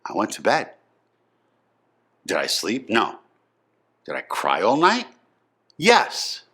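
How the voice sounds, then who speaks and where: A man in his fifties telling a personal story from his youth, emphatic and swinging from subdued to excited. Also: mid-range voice. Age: 50s.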